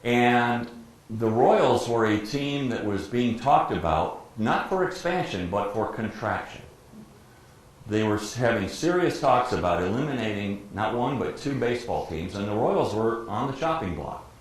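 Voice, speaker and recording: Brief: man in his 60s, Detroit-raised guest speaker, a bit low-voiced, animated anecdote-teller, heavy room echo. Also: a little slow. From Detroit, USA. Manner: lively storyteller who acts out quotes and laughs often. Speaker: guest speaker, professional sportscaster. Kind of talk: anecdotal storytelling talk. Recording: very echoey room, faint background noise.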